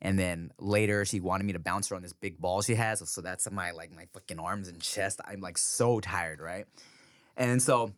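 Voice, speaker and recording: A man in his thirties, a podcast co-host, telling animated stories about his toddler in casual chat. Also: normal speed, dry recording. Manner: animated storyteller, acts out his toddler in a high voice.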